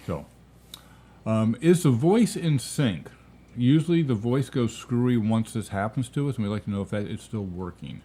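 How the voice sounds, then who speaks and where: A man's voice: mid-range voice, normal speed, husky. A man co-hosting a live painting stream, chatting casually and reading out viewers' questions. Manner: relaxed, talking to viewers.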